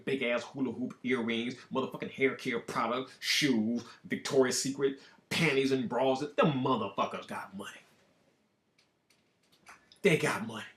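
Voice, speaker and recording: A man's voice: medium pitch, fairly bright tone. A man telling a story in a casual monologue, profane and emphatic, talking in bursts. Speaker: show host. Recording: roomy echo.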